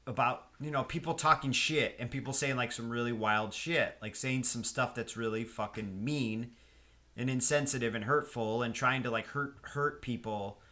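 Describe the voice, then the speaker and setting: A man with a bright, forceful voice co-hosting a podcast and chatting casually. He rambles, restarts his sentences and swears freely as he works through a thought. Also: medium pitch, normal speed. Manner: loose, rambling and profane, with frequent restarts. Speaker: podcast co-host. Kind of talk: casual chat.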